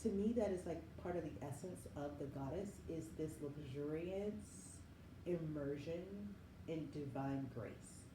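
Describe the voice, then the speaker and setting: A Southern woman in her forties gives a spiritual tarot reading in a deep, unhurried voice, musing and effusive and often calling things wild. The room is echoey, with background noise.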